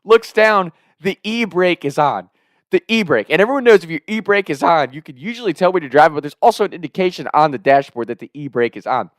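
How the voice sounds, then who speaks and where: A young man in his twenties telling a wild story in a casual, animated way, swearing and laughing as he goes. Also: a little high, quick pace, no room sound, clean studio sound. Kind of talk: casual spoken anecdote.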